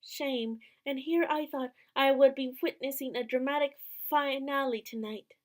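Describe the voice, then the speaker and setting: A woman reading out a mocking, aloof man's lines in a dry, quiet way. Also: high voice, steady tone, moderate pace, close to an everyday voice.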